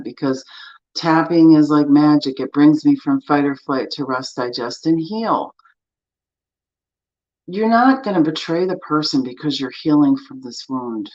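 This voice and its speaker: A woman coaching listeners through grief with a gentle, soothing, encouraging manner and guided tapping. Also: low-pitched, a little slow. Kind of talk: guided self-help talk with tapping. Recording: slightly dull lo-fi sound.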